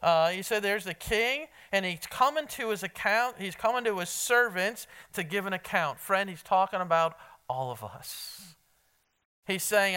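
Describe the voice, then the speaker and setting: A man's voice: sits high, lively intonation, measured pace, pushed and bright, clear, resonant tone. A man preaching an evening sermon in a conversational, emphatic way, quizzing his congregation. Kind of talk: evening sermon with Bible reading.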